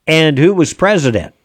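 A man hosting a radio show, chatting casually in a rambling, halting way with many restarts. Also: fairly high pitch, slightly rough, dry recording, studio quality. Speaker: radio host.

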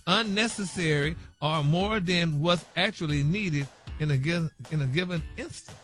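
A man's voice: fairly high pitch, normal speed, a bit bright, soft background music. A man co-hosting a radio morning show, presenting a word segment in a playful, mock-earnest way and stumbling over words. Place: radio studio.

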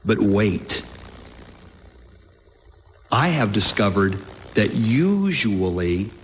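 A man preaching a sermon with emphatic, deliberate delivery, lifting his voice on key phrases. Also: on the low side, big pitch swings, a little hiss or hum. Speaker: pastor.

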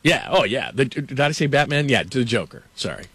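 A man's voice: medium pitch, sing-song, a little fast, fairly bright tone, husky. A man hosting a sports radio show, telling loose anecdotes with many fillers and frequent laughs into a studio microphone. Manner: rambling, laughs often, many "like"s. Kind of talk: casual studio banter and anecdotes.

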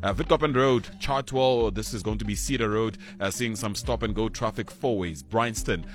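A man with a South African accent reading a radio traffic report, going through roads and delays briskly. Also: fairly low pitch. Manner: brisk, reads road by road.

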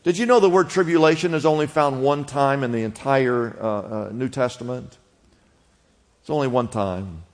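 Pastor preaching in an echoing hall. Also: male voice, medium pitch, expressive, normal speed. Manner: conversational teaching with call-and-response prompts. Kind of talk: sermon.

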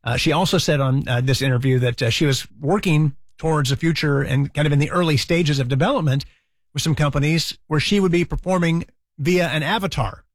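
A man hosting a radio show, talking quickly and chattily with a slightly high voice. The sound is close and dry, straight from a studio microphone. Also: no room sound. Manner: chatty, warm, fast-talking. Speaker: radio host. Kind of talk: casual radio talk.

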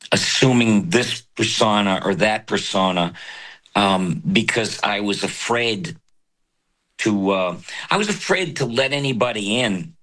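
An older man, a voice actor, talking in an interview in a reflective, halting way with many fillers. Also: sits low, a bit bright. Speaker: voice actor guest. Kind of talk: casual interview talk.

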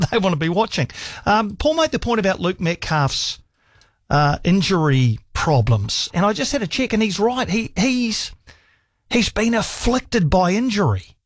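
A man's voice: sits high, big pitch swings, a little slow, dry recording, clean studio sound. A man hosting a sports radio call-in show, enthusiastic, laughing often and reeling off stats. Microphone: studio microphone.

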